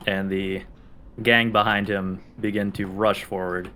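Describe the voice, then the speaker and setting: A man running a tabletop game as dungeon master, narrating in a laid-back, halting way with many pauses. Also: lowish voice, little pitch movement, sharp tone, a little hiss or hum.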